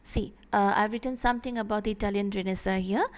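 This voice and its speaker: Woman, online literature lecturer, mid-pitched, methodical with frequent fillers and restarts. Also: steady tone, fast talker.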